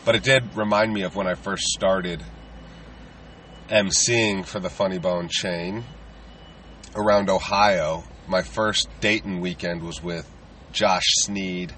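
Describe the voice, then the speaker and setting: A man's voice: deep voice, steady tone, slow, a bit bright, far from the mic, slight background noise. A man, a touring stand-up comedian, rambling casually and self-deprecatingly with lots of fillers.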